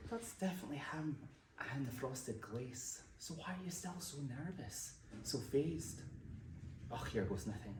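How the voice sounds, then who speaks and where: A Scottish man giving a live poetry reading, with an animated, dramatic delivery. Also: mid-range voice, noisy background. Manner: animated, dramatic delivery with big swings in loudness. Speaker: poet reading his work. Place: library event room. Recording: roomy hall sound from a distant mic, faint ambience.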